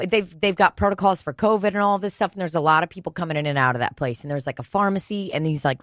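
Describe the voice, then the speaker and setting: A woman's voice: low-pitched, no room sound, studio quality. A woman co-hosting a podcast, telling a story in casual, profane chat. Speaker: podcast co-host. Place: podcast studio.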